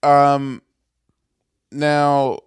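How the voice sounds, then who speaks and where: Brief: American man, casual host, mid pitch, hesitant while recalling, dry. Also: little pitch movement, drawn-out words, clean tone, dry recording. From United States. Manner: conversational, hesitant fillers when recalling details. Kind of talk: casual chat.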